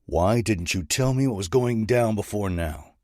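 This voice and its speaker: A man's voice: fairly low pitch, moderate pace, a little mellow, no room sound, clean studio sound, close to an everyday voice. A man voicing a tough male mafia don who talks in blunt, clipped lines. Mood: tense. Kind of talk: audiobook character voice.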